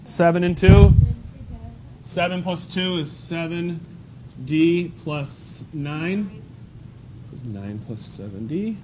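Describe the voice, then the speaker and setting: A male math teacher giving a lively, joking lesson to his class in a classroom. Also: fairly high pitch, slow, pauses often. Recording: dull lo-fi classroom recording with faint noise.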